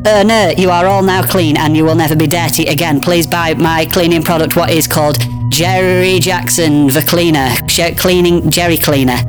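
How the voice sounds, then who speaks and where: A man's voice: on the high side, close to an everyday voice. A man voicing a crude, boastful salesman in a spoof radio advert, rambling and rude, with music behind.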